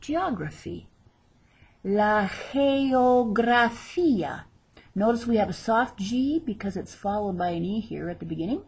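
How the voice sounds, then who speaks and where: Husky-voiced woman teaching Spanish vocabulary. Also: mid-range voice, expressive, a little mellow. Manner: slow, drawn-out model pronunciations. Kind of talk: recorded vocabulary lesson.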